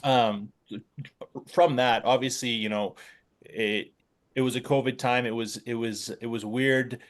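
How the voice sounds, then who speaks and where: A man hosting a podcast, asking a question in a hesitant, halting way with fillers. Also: mid-range voice, steady tone. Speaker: podcast host. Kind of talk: interview question.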